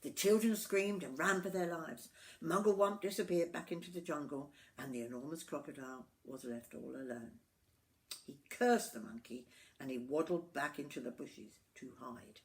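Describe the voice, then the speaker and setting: An older woman reading a children's story aloud, expressive and adding asides to the listener. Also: low voice, moderate pace.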